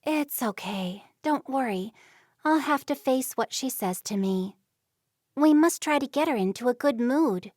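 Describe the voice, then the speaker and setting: A woman's voice: sits high, expressive, unhurried, darkish tone, no echo, studio quality, pitched above the performer's own voice. A woman voicing a reserved, stubborn young Amish woman in a storybook reading, speaking plainly. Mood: reassuring.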